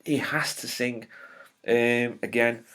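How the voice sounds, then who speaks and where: A man's voice: medium pitch, steady tone, takes it slowly, a bit bright, clean tone. A man giving a casual spoiler review of a TV episode, rambling and opinionated, with many filler ums and restarts. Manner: opinionated and exasperated.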